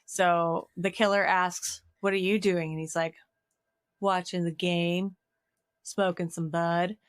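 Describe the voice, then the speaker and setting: A woman's voice: fairly low pitch, slow pace, clean tone, no echo, clean studio sound. A woman co-hosting a movie podcast, recapping scenes in casual chat and acting out the characters' lines. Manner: animated, acts out quoted lines. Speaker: podcast co-host.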